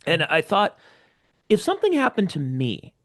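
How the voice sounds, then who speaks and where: A man's voice: a little high, huge pitch swings, normal speed, fairly bright tone. A man hosting a podcast interview, talking in a rambling way with stammering restarts. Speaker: podcast host.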